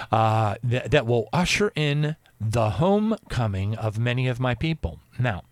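Bible teacher, man, lively swooping delivery, dry close sound, restarts a lot, medium pitch. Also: normal speed, hardly any pauses, no echo. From Pennsylvania, US. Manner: animated, stumbling restarts, acts out quotes. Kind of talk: informal Bible teaching on prophecy.

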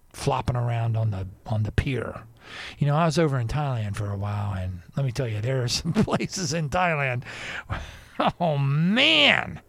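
Animated man, swooping pitch, dry sound. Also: dry recording. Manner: animated, swings loud and soft, breaks into praise interjections. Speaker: online show host. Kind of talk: rambling religious commentary monologue.

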